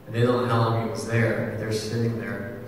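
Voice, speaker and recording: A young adult man preaching a sermon in a casual, animated storytelling manner, full of asides. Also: on the low side, a little fast, a little hiss or hum. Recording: echoey hall, far from the mic.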